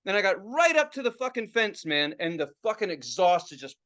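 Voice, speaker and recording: Guy with a pretty high voice cussing up a storm, riled up podcast storytelling. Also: fairly quick. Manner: profane, excitable, acts out other people's reactions. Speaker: podcast co-host. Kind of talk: casual storytelling chat.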